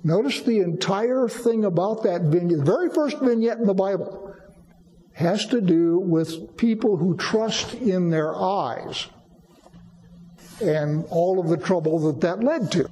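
Man, preacher, teaching sermon, emphatic, mellow tone, echoing hall. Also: high voice, unhurried. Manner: teaching, explanatory, with emphatic repetition.

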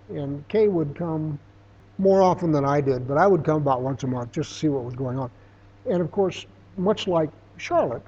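With a slightly high voice that is dark in tone and edged with breathiness, a middle-aged man teaches the Bible in a conversational way. He shares stories and reads passages emphatically, all on a dull, lo-fi recording.

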